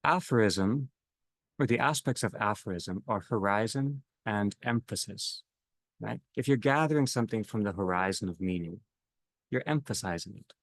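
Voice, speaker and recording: A man leading a reflective theological discussion, speaking slowly in halting phrases that trail off softly at their ends. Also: lowish voice, lively intonation, dry recording. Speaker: discussion leader.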